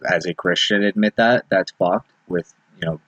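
A man with a fairly low voice talks earnestly and casually, swearing and leaning on fillers like "like" and "you know". The recording is dry and lo-fi. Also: normal speed, a bit bright, no echo. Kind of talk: casual chat. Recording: dull lo-fi dry sound.

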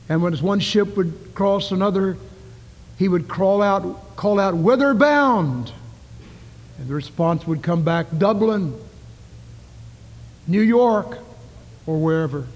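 Earnest preacher in a reverberant church. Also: male voice, a little high, darkish tone. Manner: earnest storytelling, rising to calls then dropping to near whispers. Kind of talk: sermon. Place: church sanctuary.

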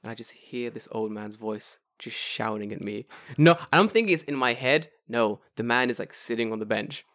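A man's voice: medium pitch, normal speed, hardly any pauses, no echo, clean studio sound. A man in his late twenties, co-hosting a casual podcast chat, telling stories with lots of swearing and acted-out quotes. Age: 20s. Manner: animated storyteller, swears freely, acts out quotes. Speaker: podcast co-host.

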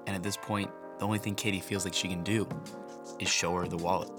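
Man, very deep voice, fast scripted narration, soft music underneath. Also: level tone. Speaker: podcast host and narrator.

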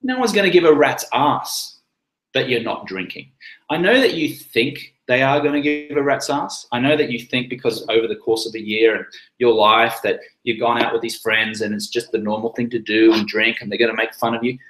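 A man's voice: medium pitch, moderate pace, fairly bright tone, reverberant, poor audio. A man giving casual coaching advice, acting out sample lines in different tones to show how to say them. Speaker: sobriety coach.

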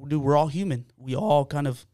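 A man with a smooth, clear voice, pitched a little high, appears as a podcast guest and shares a personal story earnestly and loosely, using lots of fillers. He talks briskly with a warm tone, and the recording is dry and close-miked, with almost no room echo. It's casual podcast chat.

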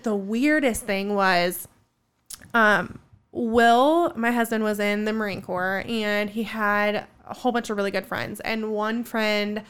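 A young woman in her twenties tells a long personal story in casual conversation. Her voice is smooth and clear at a medium pitch. She rambles warmly with plenty of fillers and restarts. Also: steady tone, unhurried. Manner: chatty storytelling with many fillers. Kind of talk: casual chat.

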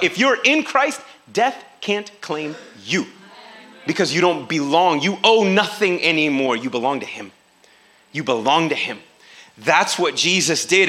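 Bright-voiced animated male preacher. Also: sits high. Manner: animated, acts out quoted voices, casual slang. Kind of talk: sermon.

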